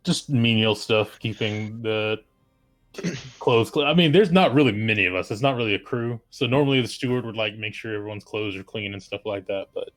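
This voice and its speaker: A man's voice: fairly low pitch, fairly quick. A man playing a tabletop game, explaining his character's plans in an easygoing, hesitant way. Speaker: player. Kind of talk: casual tabletop play. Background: faint battle music.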